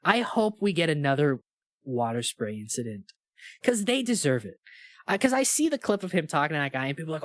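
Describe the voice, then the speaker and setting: Young male podcast co-host, animated and rambling, dry studio sound. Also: sits high, a little fast, dry recording. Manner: rambling, animated, lots of fillers and impressions. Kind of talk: casual chat.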